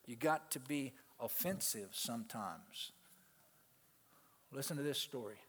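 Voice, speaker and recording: Pastor preaching in a reverberant hall. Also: male voice, mid-range voice, expressive, measured pace, slightly rough. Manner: dynamic preaching with sudden loud peaks and quiet asides; calls out to the congregation. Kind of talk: sermon. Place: church sanctuary. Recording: long reverb of a large hall.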